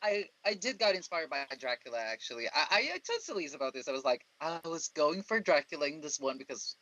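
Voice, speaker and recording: A man with a bright, slightly high voice that swings widely. He speaks haltingly, often repeating words as he chats. The sound is dry and close. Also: sing-song, dry recording, dull audio. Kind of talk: casual group chat on a live stream.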